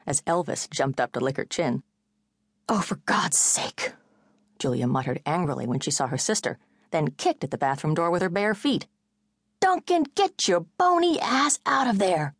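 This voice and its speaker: Low-voiced woman reading a novel. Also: darkish tone, no room sound, studio quality. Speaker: audiobook narrator. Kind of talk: scripted narration.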